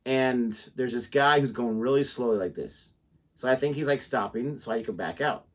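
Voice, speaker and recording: A man co-hosts a reaction channel in relaxed chat. He rambles through stories and peppers them with filler words. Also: medium pitch, moderate pace. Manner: rambling storyteller, lots of "like". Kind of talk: casual chat.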